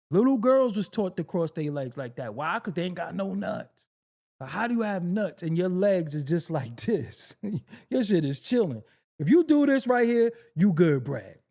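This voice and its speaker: Hosting a casual reaction video, a man jokes, laughs often and swears freely while commenting on clips. His voice is high and a little mellow.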